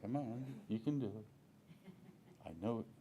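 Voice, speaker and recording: A man's voice: lowish voice, normal speed, warm tone, slight background noise. A man giving a sermon to his congregation in a conversational, playful way, asking questions and acting out quoted phrases. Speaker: minister. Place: church sanctuary.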